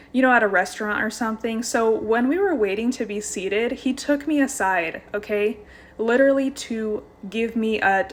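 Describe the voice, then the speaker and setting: A young woman telling a personal story to her viewers in a casual, chatty way, full of fillers and asides. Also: on the high side. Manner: chatty, frequent "like" and "you guys". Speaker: vlogger.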